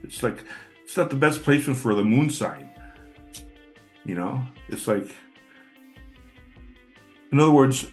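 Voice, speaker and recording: A man's voice: mid-range voice, expressive, unhurried, long pauses, soft background music. A middle-aged man in a casual personal monologue, blunt and profane, rambling with repeated words. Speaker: channel host.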